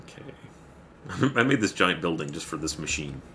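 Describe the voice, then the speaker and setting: A man's voice: sits low, expressive, moderate pace, fairly bright tone, a little hiss or hum. A man livestreaming a game, chatting casually, rambling and thanking viewers by name as he plays. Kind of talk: casual chat while playing a game.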